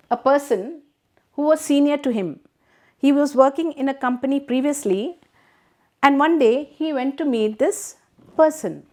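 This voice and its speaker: Middle-aged Indian English woman teacher, unhurried and patient, explains line by line, slightly high pitch. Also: a little mellow. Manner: slow, patient, asks rhetorical questions. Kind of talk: classroom lesson reading and explaining a text.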